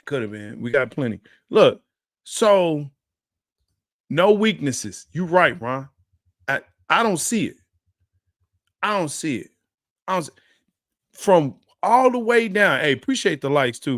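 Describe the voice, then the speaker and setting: A man's voice: fairly high pitch, very animated, unhurried, pauses often, a bit bright, no room sound, studio quality. A man co-hosting a sports show, in a casual, joking, trash-talking chat with laughs. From Dallas area. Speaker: sports podcast co-host.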